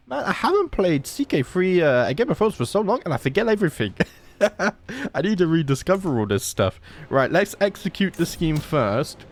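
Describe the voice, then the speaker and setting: A man's voice: a little high, very animated, moderate pace, faint music behind. Wry man commenting on gameplay. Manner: chatty, wry, thinks aloud. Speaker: gaming channel host. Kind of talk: casual Let's Play commentary.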